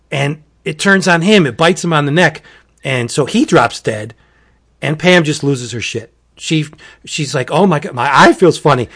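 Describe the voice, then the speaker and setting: A man chatting casually as a podcast host, animatedly retelling a wacky horror comic and acting out its quotes. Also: fairly high pitch. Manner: animated storyteller, acts out quotes, says wackadoodle.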